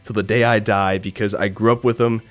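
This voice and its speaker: Young American man, casual Q&A vlog, cursing, animated asides, faint background music. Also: fairly low pitch, a little fast. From United States. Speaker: YouTube creator.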